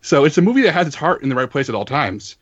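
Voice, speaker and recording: A man from the United States co-hosting a casual podcast discussion, talking in a measured way with many fillers. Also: fairly high pitch, very animated, a bit bright, dry recording, dull audio. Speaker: podcast co-host, film editor.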